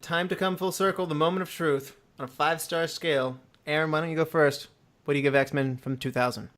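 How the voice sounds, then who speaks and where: A man's voice: a little high, steady tone, fairly bright tone. A young man hosting a movie podcast, opinionated and joking in casual roundtable chat. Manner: opinionated, joking, quick asides. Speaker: podcast host.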